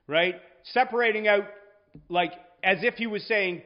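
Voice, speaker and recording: A man's voice: sits high, unhurried, dull audio. A man teaching a Sunday school class on scripture, conversational, often checking in with the room.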